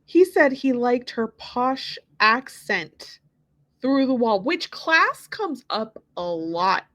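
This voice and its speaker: A woman's voice: on the high side, big pitch swings, fairly bright tone, no room sound. Blunt, opinionated woman co-hosting a podcast. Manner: blunt, opinionated, quick asides. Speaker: podcast co-host. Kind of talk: casual recap chat.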